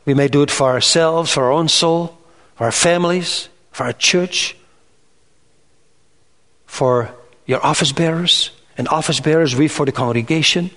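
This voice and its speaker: Earnest preacher in a reverberant hall. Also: male voice, on the high side, sharp tone. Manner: earnest, measured preaching with emphatic rises. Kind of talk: sermon.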